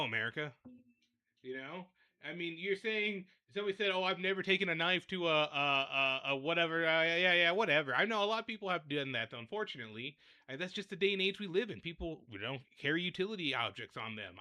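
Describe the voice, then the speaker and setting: A man's voice: a little high, animated, quick pace, bright, forceful tone. A young man hosting a livestream, ranting and rambling in a repetitive, fed-up way while addressing his viewers directly. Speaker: livestream host.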